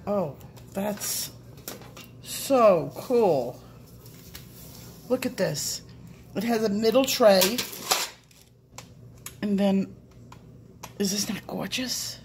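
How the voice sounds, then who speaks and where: Middle-aged woman host, unhurried delivery, breathless gushing, faint background hiss. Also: medium pitch, a little mellow. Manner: breathless, gushing, repeated exclamations. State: shaky with excitement. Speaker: coloring channel host. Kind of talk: excited unboxing vlog.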